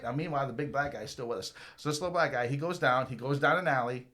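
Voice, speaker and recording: A man's voice: mid-range voice, fast talker, few pauses. A man from Northern New York, telling a story in a casual podcast chat and acting out the people in it. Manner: animated, laughing, lots of acted quotes. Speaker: podcast co-host.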